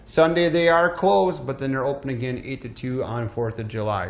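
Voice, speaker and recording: A man hosting a live shopping show, pitching deals in an energetic, emphatic sales voice, slightly out of breath. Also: brisk, hardly any pauses. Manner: energetic, emphatic promo delivery.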